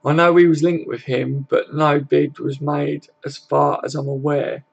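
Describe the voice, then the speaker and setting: Young British bloke, fairly high voice, easygoing laddish live-stream host who swears and says mate a lot. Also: male voice, little pitch movement, a little slow, creaky, breathy edge, dull audio. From Britain. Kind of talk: casual live chat reading comments. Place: home room with desk and sofa.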